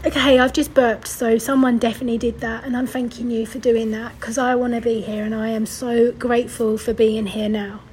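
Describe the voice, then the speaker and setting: A woman's voice: a little high, little pitch movement, fairly quick, few pauses, a little mellow, slight background noise, low-quality recording. A young woman hosting a podcast, telling a personal story in a tearful, rambling way, sighing and correcting herself as she goes. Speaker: podcast host.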